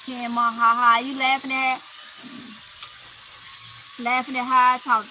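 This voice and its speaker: A woman's voice: high-pitched, level tone, unhurried, pauses often, bright, forceful tone, slight background noise, rough recording. A middle-aged woman with a Mississippi accent hosting a casual livestream, reading chat comments in a chatty, playful way with heavy Southern dialect and frequent laughs.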